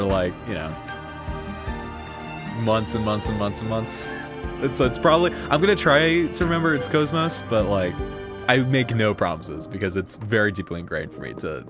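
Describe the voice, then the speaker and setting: A man rambles through live game-stream commentary, full of fillers and playful slang. His voice swoops up and down with lively pitch, and faint game music plays behind him. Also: moderate pace.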